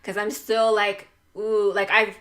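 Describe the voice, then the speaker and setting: A woman's voice: medium pitch, fairly quick, a bit bright. Chatty woman slipping into Spanish. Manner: rambling, mixes Spanish phrases into English; laughs often. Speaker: podcast host. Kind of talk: casual chat.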